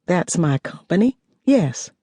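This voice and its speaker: A self-assured woman with a dry, teasing wit, voiced by a woman narrator in an audiobook. Her voice is warm and a touch husky, recorded close and dry. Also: on the low side, sing-song, slow pace, no echo, exaggerated voice. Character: confident sharp-witted woman chemist, teasing.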